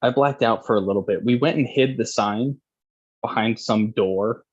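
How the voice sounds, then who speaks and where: A man's voice: mid-range voice, normal speed, muffled recording. A young man casually telling a long, profane, rambling story as a podcast host.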